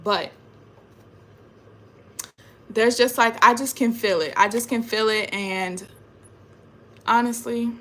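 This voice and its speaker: Young woman vlogger, bright voice; emotional and rambling, often drops to a quiet trail-off. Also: on the high side, slow pace, pauses often. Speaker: spiritual vlogger. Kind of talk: casual personal monologue.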